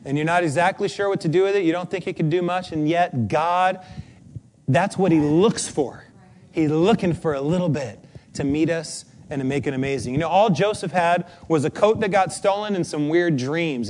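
Preacher guy, kinda high voice, chatty animated storytelling, bit of room noise. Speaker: pastor. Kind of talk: sermon. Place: church.

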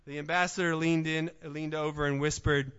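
A man preaching a sermon as pastor, swinging from hushed asides to shouted points. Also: on the high side, level tone, normal speed, clean tone. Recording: dull sound, long hall reverb.

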